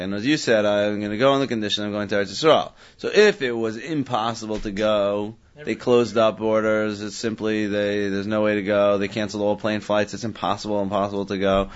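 A man leading a Talmud discussion, questioning and thinking aloud, often restarting his sentences. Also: on the low side. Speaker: Talmud study teacher. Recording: slightly dull lo-fi recording.

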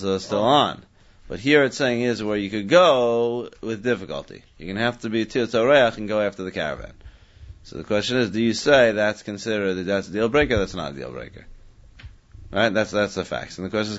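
A man's voice: fairly low pitch, a bit bright. A man leading a Talmud discussion, questioning and thinking aloud, often restarting his sentences. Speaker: Talmud study teacher. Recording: slightly dull lo-fi recording.

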